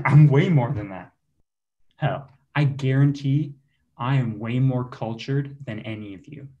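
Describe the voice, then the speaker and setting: A young adult man performs a self-deprecating stand-up set for an online show from a home setup, chuckling between jokes. His medium-pitched voice takes things slowly, and the recording's highs are cut off.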